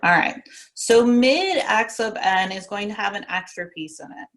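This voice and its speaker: A woman's voice: mid-range voice, animated, moderate pace, a bit bright. A woman teaching a recorded class lesson, walking through formulas methodically and repeating the key steps in a casual instructor tone. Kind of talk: recorded classroom lecture walkthrough.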